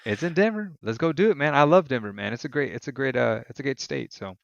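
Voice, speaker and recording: A man's voice: mid-range voice, animated, fast talker, gravelly, dry recording, lo-fi sound. A man co-hosting a podcast in casual chat, laid-back and cursing freely, tossing in "man" all the time. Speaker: podcast co-host.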